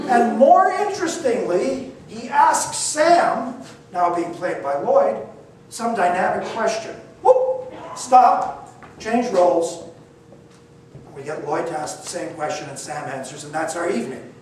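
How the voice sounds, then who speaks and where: An older man with a high voice tells a story to a live audience in an animated, blunt, wry way. He is picked up from far off, and the room rings with heavy echo. A faint room hum sits underneath. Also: unhurried. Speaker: speaker telling a story to an audience. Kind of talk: lively spoken storytelling. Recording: very echoey, mic far off, faint ambience.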